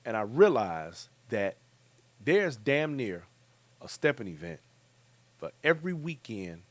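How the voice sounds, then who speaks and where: A man's voice: mid-range voice, big pitch swings, measured pace, no room sound. Chatty laid-back male host. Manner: loose, joking, colloquial, chuckles often. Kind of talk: casual chat reading viewer comments.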